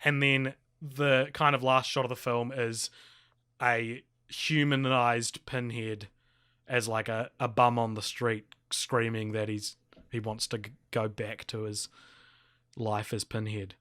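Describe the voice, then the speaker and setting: Bright-voiced man recapping a film. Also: medium pitch, flat delivery, takes it slowly, clean tone. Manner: rambling plot recap with fillers and restarts. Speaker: podcast co-host. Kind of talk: casual film review chat.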